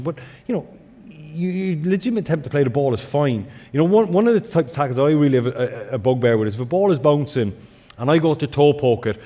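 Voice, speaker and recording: A man who used to play the game, talking football in a casual, animated way, full of fillers and restarts. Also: on the high side. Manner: animated, quick storytelling with repeated fillers. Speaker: pundit, former player.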